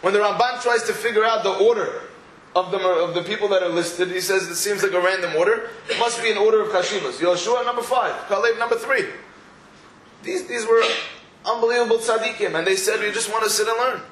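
A man giving an animated Torah class, telling stories and acting out the people he quotes. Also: sits high, fairly quick. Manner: animated storytelling with quoted voices. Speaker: rabbi. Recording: roomy echo with faint room noise.

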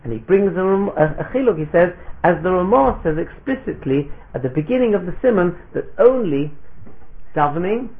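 A man's voice: sits high, lively intonation, brisk, gravelly. A man teaching a Talmudic lecture, reading passages in Hebrew and Aramaic, explaining them in English, and checking in with the class. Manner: explains texts in Hebrew and Aramaic, then translates; asks the class "Yes?". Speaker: Torah teacher. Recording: tinny phone-line sound.

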